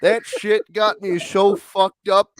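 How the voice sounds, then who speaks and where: A man voicing a slow, solemn old male storyteller, with a loud, drawn-out, mock-solemn delivery. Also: high voice, flat delivery, clean tone, no echo.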